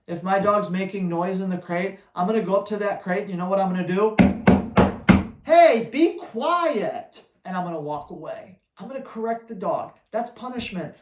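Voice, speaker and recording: Blunt, energetic man in an echoey room. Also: high-pitched. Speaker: dog trainer. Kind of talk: live Q&A answering viewer questions.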